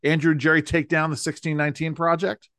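A man's voice: on the high side, level tone, quick pace, fairly bright tone, dry recording, clean studio sound. A man co-hosting a political podcast, talking emphatically and driving the conversation. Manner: emphatic, rising to anger. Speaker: podcast co-host.

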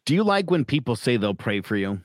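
A man's voice: mid-range voice, sing-song, brisk, no room sound, clean studio sound. A man co-hosting a casual podcast, rambling and opinionated with frequent fillers. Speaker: podcast co-host. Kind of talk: casual chat.

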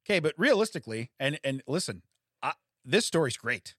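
A man co-hosts a podcast, answering his partner with quick wisecracks and easy laughs. His voice sits a little high and sounds bright and forward. The recording is dry and close. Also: big pitch swings, no room sound. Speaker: podcast co-host. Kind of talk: casual chat.

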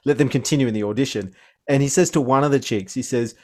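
A man co-hosting a podcast, chatting about a film in a lively way and laughing often. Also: medium pitch, quick pace. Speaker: podcast co-host. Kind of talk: casual film-review chat.

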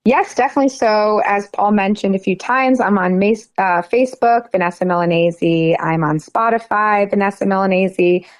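A woman in her thirties from New Jersey, a singer-songwriter guest chatting casually, bubbly and quick to laugh. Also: medium pitch, no room sound. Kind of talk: casual interview chat.

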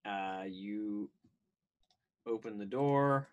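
A man running a tabletop game as game master, reading scene descriptions in a halting way with frequent ums and uhs. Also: on the low side, darkish tone, highs cut off.

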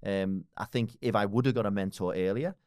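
Blunt low-voiced man in his forties. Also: brisk, a little mellow, clean tone, dry recording, clean studio sound. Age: 40s. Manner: blunt, swears freely, laughs often. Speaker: guest. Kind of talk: casual podcast conversation.

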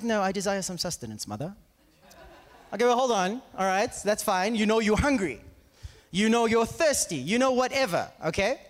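Speaking in a very high voice inside a large hall, a man gives an animated sermon packed with anecdotes. His delivery is conversational, and he keeps checking in with his audience.

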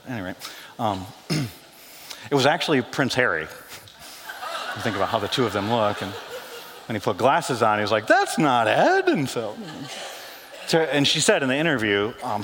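A man preaching a sermon to a church crowd, joking and swinging between loud and hushed. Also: mid-range voice, background noise. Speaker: pastor. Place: church hall. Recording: hall reverb.

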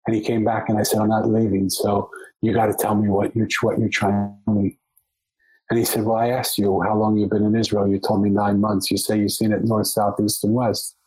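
A man's voice: fairly low pitch, little pitch movement, fairly quick, darkish tone, slightly rough, low-quality recording. A man, a podcast guest, telling a long story in conversation, often restarting and repeating words as he goes.

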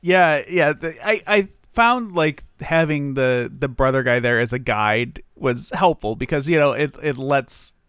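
A man's voice: mid-range voice, measured pace, few pauses, fairly bright tone, clean tone, no room sound, clean studio sound. A man co-hosting a podcast, chatting bluntly and profanely about a movie. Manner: blunt, profane, laughing mockery. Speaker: podcast co-host. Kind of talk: casual film discussion.

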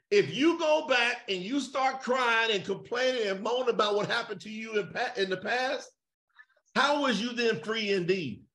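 A man preaching fiery call-and-response over a video call, emphatic and shouting, firing rhetorical questions at his listeners. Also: sits high. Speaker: preacher leading an online gathering.

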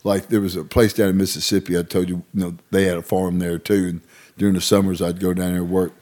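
Middle-aged man, lively raconteur, acts out the voices in his tales. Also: sits low, quick pace. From Arkansas. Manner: animated, acts out voices in stories. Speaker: guest storyteller. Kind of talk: casual storytelling.

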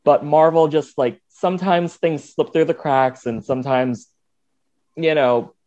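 A man's voice: fairly high pitch, steady tone, unhurried, darkish tone, muffled recording. A man co-hosting a casual podcast, laid-back and drawling, swearing now and then. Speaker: podcast co-host. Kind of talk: casual chat.

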